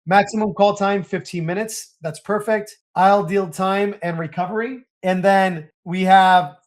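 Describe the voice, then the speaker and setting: A man with a fairly high voice walks viewers through software on his screen. He narrates every click and gets excited as things work, talking straight to the audience in a hyped, chatty way. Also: unhurried. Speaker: software tutorial host. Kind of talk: screen-share software walkthrough.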